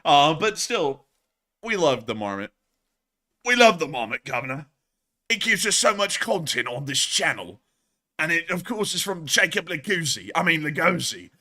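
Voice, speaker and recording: A man chats on a live stream in an excitable way, laughing often and breaking into loud outbursts. His voice is bright and lively, sitting a little high for a man. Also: normal speed. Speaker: livestream host. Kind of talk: casual live-stream chat.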